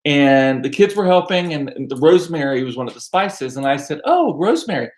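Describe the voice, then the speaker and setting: A man's voice: mid-range voice, fairly quick. A man in his forties telling stories in a chatty, irreverent way, laughing often. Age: 40s. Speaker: vlogger. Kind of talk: casual storytelling.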